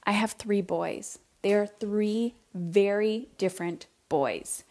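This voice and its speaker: A middle-aged woman from Canada tells a family story on her parenting podcast. She talks casually and with animation, mimicking her kids and throwing in the odd swear word. Her voice sits at a medium pitch. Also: slow pace, mellow.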